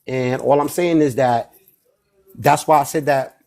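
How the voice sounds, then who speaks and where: A man's voice: mid-range voice, fairly even intonation, a little slow, gravelly. Rambling, defensive New York man. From Puerto Rico. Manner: rambling, defensive, flares into shouting. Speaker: debate participant. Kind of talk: heated live online debate.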